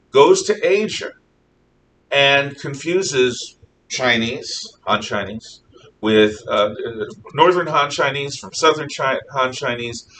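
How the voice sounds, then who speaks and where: A man teaching a history class, lecturing in a rambling way with fillers and frequent self-corrections. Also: sharp tone. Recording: echoey room, mic at a distance, faint rumble.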